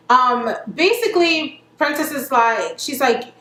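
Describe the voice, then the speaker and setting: Woman, chatty recap vlog, slightly high voice, faint hiss. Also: lively intonation, moderate pace, hardly any pauses, bright, forceful tone, echoey room. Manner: chatty, retells scenes quoting the cast. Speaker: reality TV reviewer.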